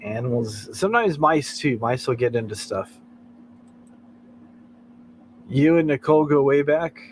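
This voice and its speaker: A man's voice: mid-range voice, expressive, normal speed, a little hiss or hum, poor audio. An American man hosting a late-night livestream, chatting in a rambling way and chuckling often between thoughts. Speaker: livestream host. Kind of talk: casual chat.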